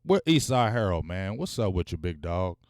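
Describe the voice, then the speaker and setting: A man's voice: low voice, normal speed, no echo, clean studio sound. A man hosting a live-streamed sports talk show, speaking in casual slang and calling out to his viewers. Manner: animated, talks straight to viewers, casual slang.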